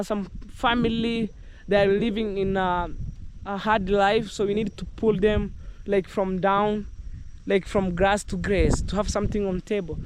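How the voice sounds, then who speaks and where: Strolling outdoors in the countryside, a young man from Kenya chats casually to his camera in a high voice marked by a Kenyan accent. His walking vlog is loose and cheerful, sprinkled with Jamaican slang, and there's noise in the background.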